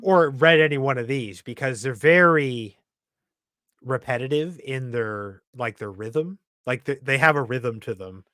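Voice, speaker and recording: A man's voice: medium pitch, measured pace, sharp tone, no room sound. A man chatting as a guest on a livestream, making dry, wry remarks. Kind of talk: casual livestream chat.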